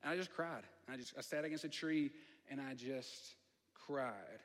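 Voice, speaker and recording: A man's voice: mid-range voice, moderate pace, fairly bright tone. A man with a Southern accent, preaching a storytelling sermon in a conversational way, with asides to the audience. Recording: long hall reverb.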